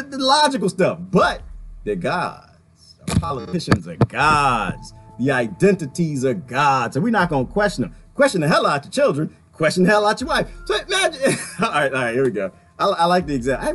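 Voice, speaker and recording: A man doing a stand-up comedy routine, talking to the audience and acting out voices in an animated way. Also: a little high. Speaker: stand-up comic.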